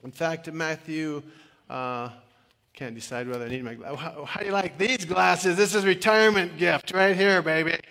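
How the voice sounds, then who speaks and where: A man's voice: fairly high pitch, moderate pace, creaky, pushed and bright. An older man, a retired pastor, preaching a sermon in a chatty storytelling way with self-deprecating humor and plenty of "uh" fillers. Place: church sanctuary. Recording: long reverb of a church hall.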